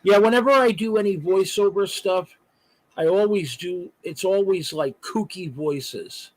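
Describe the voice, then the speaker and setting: Joining a live stream remotely, this guest is an artist and voice actor with a husky, slightly high voice. He's unhurried and chatty in a casual interview, rambling with lots of "uh" fillers and restarts. There's no room sound, but the recording is rough.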